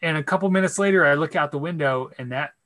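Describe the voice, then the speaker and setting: A man's voice: a little high, fast. A man co-hosting a podcast, telling a story in casual chat and swearing freely as he acts out the scene. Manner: profane, animated storyteller. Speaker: podcast co-host.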